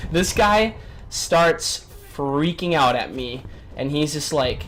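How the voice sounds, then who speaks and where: A man in his twenties telling a story to his viewers in an animated, chatty vlog style. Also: a little high, slow pace, faint music behind. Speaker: vlogger.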